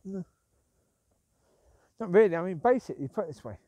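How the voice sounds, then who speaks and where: A man's voice: high voice, lively intonation, a little fast, mellow, dry recording. Grumbling man on a night walk. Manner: grumbling, repeats himself, calls sharply to his dogs. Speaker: vlogger walking his dogs. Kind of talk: rambling walk-and-talk. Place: outdoors at night on a street.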